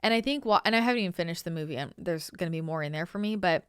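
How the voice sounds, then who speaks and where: Chatty woman with a smooth, low voice. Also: animated, rapid-fire, a bit bright, no room sound, clean studio sound. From Northern California, US. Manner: chatty, rambling, heavy use of "like" and "you know". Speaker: channeler and show host. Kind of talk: casual storytelling monologue.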